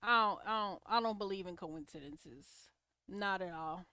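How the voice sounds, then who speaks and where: A woman's voice: medium pitch, normal speed, sharp tone. A woman hosting a casual livestream, giving opinionated commentary on clips and reacting to viewer comments. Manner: opinionated, talks back to chat comments.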